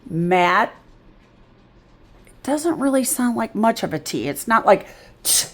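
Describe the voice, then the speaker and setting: Woman reading tutor, slow and patient, breaking words into sounds. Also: on the high side, expressive. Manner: patient, drawn-out explaining. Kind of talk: phonics lesson.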